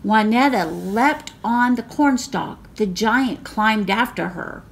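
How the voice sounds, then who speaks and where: A woman reading a picture book aloud as a library storyteller, slow and expressive. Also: a little high, vocal fry.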